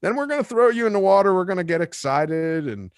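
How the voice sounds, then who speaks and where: Male host, casual storyteller, gets animated on quotes, dry close mic. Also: high voice, quick pace, clear, resonant tone, no echo. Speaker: podcast host and fishing captain.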